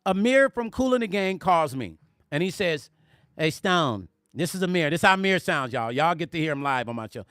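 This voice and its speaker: A man hosting a music vlog, telling stories in an animated, conversational way and speaking directly to his viewers. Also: a little high, fairly quick, smooth, no room sound, clean studio sound. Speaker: music vlogger. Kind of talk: storytelling on a live stream.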